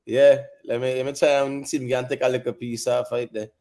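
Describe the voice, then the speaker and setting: A man's voice: medium pitch, level tone, fairly quick, mellow. A man with a Jamaican accent hosting a live-stream panel in casual chat, easygoing and full of "you know" and "man". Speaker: panel host.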